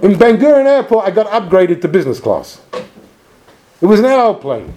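Animated man telling a personal story. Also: brisk. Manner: animated, expressive storytelling with swings in pitch. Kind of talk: anecdotal storytelling talk.

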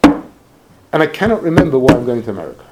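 A man voicing a frail ninety-year-old rabbi who talks in a soft, slow, low murmur. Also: big pitch swings, heavy background noise, natural voice. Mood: reflective.

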